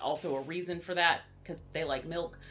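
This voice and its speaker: A woman's voice: sits low, fairly even intonation, moderate pace, a bit bright. A woman co-hosting a podcast, chatting enthusiastically about a horror movie with frequent giggles and fillers. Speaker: podcast co-host. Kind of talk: casual movie review chat.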